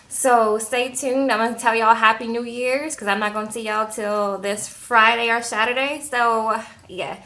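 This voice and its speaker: A woman talks through a reality show recap in a loose, chatty way. Her voice sits high and sounds bright and crisp. She keeps tagging her sentences with a questioning "okay?". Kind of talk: casual recap chat.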